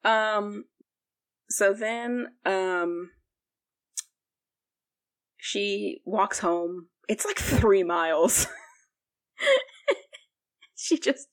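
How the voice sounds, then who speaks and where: A woman's voice: mid-range voice, very slow, long pauses. A young woman co-hosting a podcast, recapping a book in a rambling casual chat full of fillers. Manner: rambling, heavy use of "like", frequent fillers. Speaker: podcast co-host.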